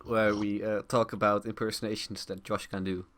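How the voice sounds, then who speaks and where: A man hosting a casual gaming podcast, loose and quick to laugh. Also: lowish voice, level tone, fairly bright tone. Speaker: host.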